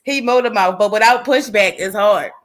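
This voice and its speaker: In casual livestream chat, a woman co-host speaks at medium pitch and normal speed. She's animated and blunt, swearing without restraint and laughing frequently.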